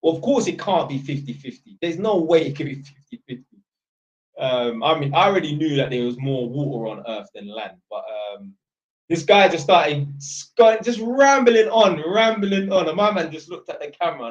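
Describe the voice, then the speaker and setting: A man's voice: fairly high pitch, big pitch swings, moderate pace. A young man chatting on a live stream, rambling and blunt, swearing freely. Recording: dull lo-fi sound.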